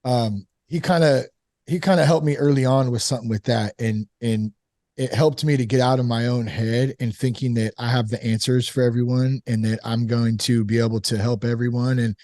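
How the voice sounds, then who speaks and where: A man casually telling a candid personal story about fatherhood and recovery, animated, full of "like" and "you know". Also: mid-range voice, normal speed, dry recording, studio quality. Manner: candid, animated, acts out quoted voices; frequent fillers like "like" and "you know". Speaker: sober father on a recovery podcast.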